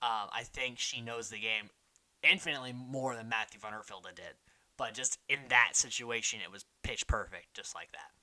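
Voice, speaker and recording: A man hosting a casual recap, chatting quickly and mimicking the people he quotes. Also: mid-range voice, sharp tone. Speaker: podcast host recapping a reality show.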